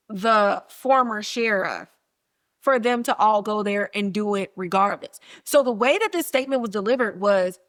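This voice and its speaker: A woman hosting a podcast, giving a casual recap of a TV episode and playfully acting out quotes from the scenes. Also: fairly high pitch. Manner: animated, acts out quotes with playful put-on voices. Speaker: podcast host.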